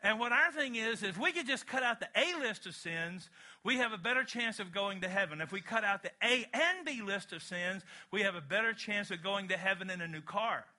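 A middle-aged man preaches a sermon with a high voice and a strikingly bright, forceful tone. He drives his points with emphasis and pulls the congregation into call-and-response. His delivery stays lively throughout. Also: fairly quick. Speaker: pastor.

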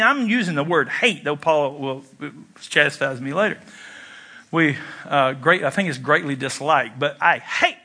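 A man preaching a sermon, animated and jokey, jumping into mock voices and leaping in pitch. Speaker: pastor.

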